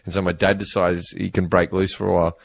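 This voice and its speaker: A man with an Australian accent telling profane, animated stories in casual podcast chat. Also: low-pitched, fast talker, gravelly. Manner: profane, laughing, animated storyteller. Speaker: comedian guest.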